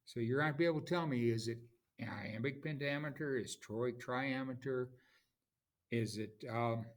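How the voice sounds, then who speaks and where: A man teaching a lecture on poetry, speaking haltingly with frequent pauses and restarts, sometimes tapping out rhythms aloud. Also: mid-range voice. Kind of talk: classroom lecture.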